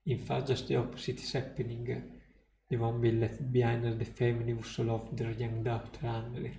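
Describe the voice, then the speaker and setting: Guy streamer reading a game story, steady, gravelly, echoey room. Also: medium pitch, brisk, slight background noise. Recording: roomy echo, faint music.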